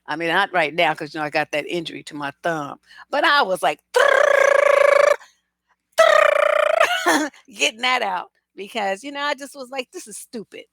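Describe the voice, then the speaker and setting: A woman's voice: medium pitch, sing-song, a little slow, creaky, long pauses, very noisy. A woman relationship coach giving blunt, profane, sarcastic commentary, reading out comments and answering them. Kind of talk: opinionated commentary.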